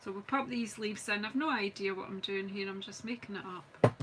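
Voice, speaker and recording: Very noisy audio captures a middle-aged Scottish woman talking a little fast at medium pitch. She's hosting a casual card-making live stream, chatting to viewers mid-task and gently mocking herself.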